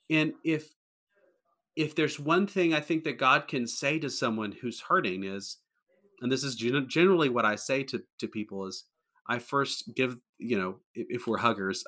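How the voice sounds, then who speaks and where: Male pastor, podcast co-host, earnest and rambling, bright tone. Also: medium pitch. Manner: earnest, rambling with many restarts. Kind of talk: casual podcast conversation.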